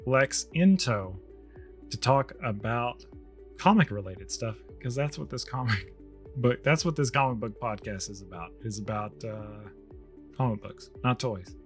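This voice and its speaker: A man's voice: medium pitch, expressive, measured pace, faint music behind. A man co-hosting a podcast, rambling through a casual rant and sounding tired as he loses his voice. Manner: ranting, rambling, with restarts. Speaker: podcast co-host.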